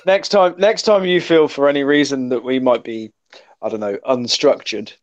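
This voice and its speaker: A man's voice: medium pitch, fairly even intonation, moderate pace, no echo, highs cut off. A British man, a podcast guest, teasing and laughing often in casual chat. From United Kingdom.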